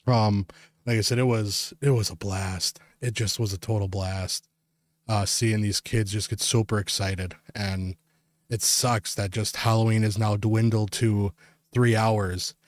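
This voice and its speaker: A man's voice: fairly low pitch, fairly even intonation, a little slow, no room sound. A young man hosting a podcast, telling a long story in casual, rambling chat full of filler words. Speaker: podcast host.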